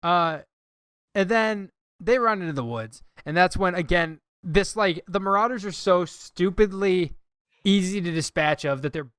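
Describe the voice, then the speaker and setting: A man chats through a movie recap on a podcast, laughing now and then and acting out quoted lines. His voice sits high. The sound is close and dry, with no room around it. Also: unhurried, a bit bright, clean tone, no echo. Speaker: podcast host. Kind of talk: casual movie-review chat.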